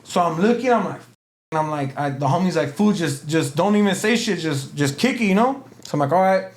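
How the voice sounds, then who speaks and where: Telling a long, rambling story as an interview guest, a man leans on slang and plenty of fillers. His voice is a little high, animated and brisk.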